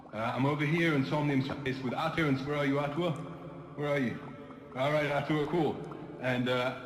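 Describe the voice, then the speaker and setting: Upbeat, slightly flustered male co-host; echoey space with long reverb. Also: mid-range voice. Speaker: event co-host. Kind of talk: excited live event hosting. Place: virtual reality event.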